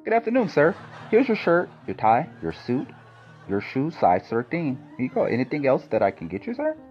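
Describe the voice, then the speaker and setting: A man putting on a chirpy, high room service boy. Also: huge pitch swings, moderate pace, highs cut off, soft background music. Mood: eager. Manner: overly polite, chirpy service patter. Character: eager young male hotel room service worker.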